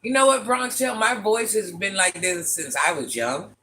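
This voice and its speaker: A woman with a deep, raspy voice hosting a casual livestream, chatting and teasing as she reads viewers' comments. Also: moderate pace, pushed and bright. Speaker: livestream host reading chat. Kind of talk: casual live chat with viewers.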